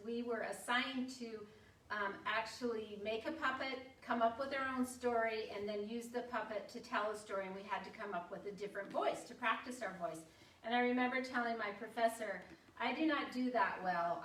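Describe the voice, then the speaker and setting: A woman's voice: fairly high pitch, fairly bright tone. An older woman giving an informal talk to parents about reading stories aloud, chatty and acting out short voiced examples. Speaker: parenting workshop presenter. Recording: echoey room, voice from a distance.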